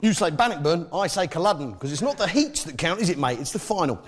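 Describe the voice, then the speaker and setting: British man, stand-up, boastful, lively swinging delivery, live audience, noisy room. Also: a little high, fast. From Britain. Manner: pompous, boastful, swearing. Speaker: stand-up comedian. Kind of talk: stand-up comedy as a pompous publican. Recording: live stage show with loud audience.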